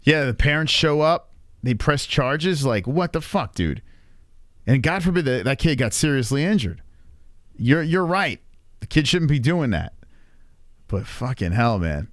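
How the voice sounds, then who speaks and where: A man's voice: medium pitch, unhurried, pauses often, no room sound, studio quality. A man hosting a casual reaction stream, laughing a lot and swearing as he comments on a clip. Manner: laughing, crude, animated commentary. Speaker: streamer host.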